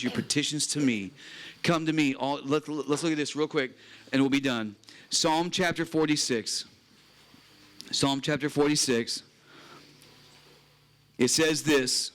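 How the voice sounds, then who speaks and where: A man preaching with earnest emphasis in a slightly higher-than-usual voice. He reads scripture aloud and circles back to key phrases, speaking to a retreat crowd in a chapel. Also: fairly bright tone. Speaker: pastor. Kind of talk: sermon.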